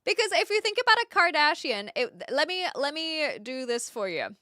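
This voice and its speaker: A woman's voice: sits high, very animated, moderate pace, hardly any pauses, bright, forceful tone, no echo, clean studio sound. A young woman livestreaming, chatting casually and rambling with lots of fillers while reacting to her chat. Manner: reads chat and reacts aloud.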